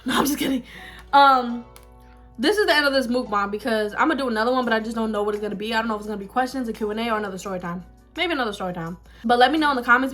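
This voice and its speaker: Young woman vlogger, higher voice, animated and dramatic, casual story time, faint music under her. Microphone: phone.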